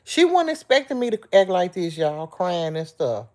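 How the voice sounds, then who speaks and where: A woman's voice: lowish voice, big pitch swings, normal speed, few pauses, darkish tone. A middle-aged woman hosting a livestream, chatting in a heartfelt, emotional way straight to her viewers. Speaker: livestream host. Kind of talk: casual livestream chat with viewers.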